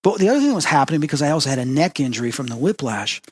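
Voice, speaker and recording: A man hosting a spiritual talk show delivers a personal story in a rapid-fire monologue, with a long reverb tail trailing his voice. He acts out the dialogue animatedly, making big jumps in pitch.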